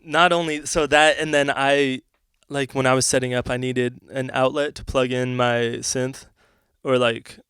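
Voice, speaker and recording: A man with a smooth, clear voice chats easily on a casual podcast, loose and full of filler words as he tells band stories. The recording is dry and close to the mic. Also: mid-range voice, little pitch movement, a little slow, few pauses, fairly bright tone, no room sound. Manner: laid-back, uses filler words, laughs along. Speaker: podcast co-host, band member. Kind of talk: casual chat.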